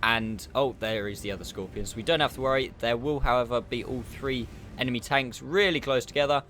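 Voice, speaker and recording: A man's voice: mid-range voice, fairly quick, a bit bright, a little hiss or hum. A man giving chatty, upbeat and self-mocking commentary over his own game footage as a gaming YouTuber. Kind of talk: gameplay commentary.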